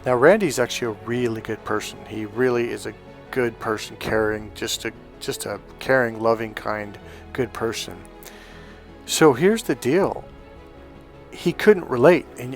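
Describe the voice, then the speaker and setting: A middle-aged man, a relationship coach, telling a personal story in a casual monologue, acting out the voices of the people he quotes, with lots of fillers. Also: medium pitch. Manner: animated, acts out quoted voices, many fillers.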